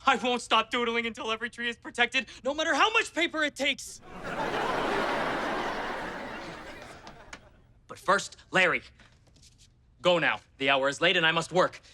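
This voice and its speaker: A man's voice: very high-pitched, expressive, brisk, slight background noise. An actor playing a goofy, theatrical sitcom father who draws comic strips. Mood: grandiose. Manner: theatrical, over-the-top earnest. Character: goofy dramatic sitcom dad, middle-aged man. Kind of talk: sitcom acting.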